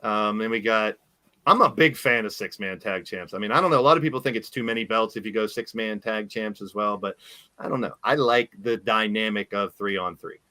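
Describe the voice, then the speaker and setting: Bright-voiced rambling male podcast host. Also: on the low side, brisk, dry recording. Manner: rambling, self-interrupting, laughs easily. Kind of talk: casual wrestling chat.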